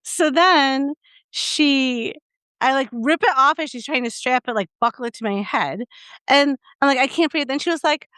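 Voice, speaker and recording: A woman's voice: high-pitched, brisk, a bit bright, no room sound. A young adult woman co-hosting a podcast in casual chat, telling a story animatedly with lots of fillers and acted-out quotes. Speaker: podcast co-host.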